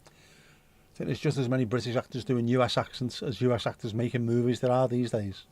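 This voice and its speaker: A man's voice: medium pitch, steady tone, fast talker, a little mellow. A man hosting a livestream, chatting casually and rambling while reading out viewer comments, with the odd swear word. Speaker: livestream host.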